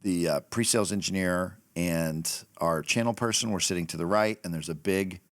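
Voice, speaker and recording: A middle-aged man hosting a podcast, telling a story in a casual, animated way and laughing as he goes. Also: sits low, normal speed, no room sound, studio quality. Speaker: podcast host.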